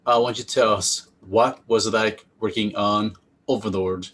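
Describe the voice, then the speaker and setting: A man's voice: on the low side, fairly even intonation, normal speed, fairly bright tone, breathy edge. A man hosting an interview in an easygoing way, laughing along with his guest and asking questions. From United States. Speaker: interview host. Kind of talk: casual interview chat.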